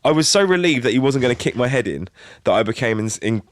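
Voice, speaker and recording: A man's voice: mid-range voice, lively intonation, fast, no room sound. Man, podcast co-host, casual sweary anecdote, laughs often, dry close sound. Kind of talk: casual chat, telling an anecdote.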